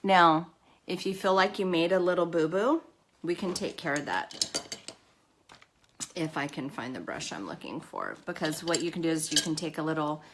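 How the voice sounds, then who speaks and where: A woman's voice: sits low, expressive, moderate pace, noisy background. A woman hosting a casual live makeup tutorial, chatting nervously and laughing at herself as she works. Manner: chatty, nervous, self-deprecating, with a nervous cough. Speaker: makeup live-stream host.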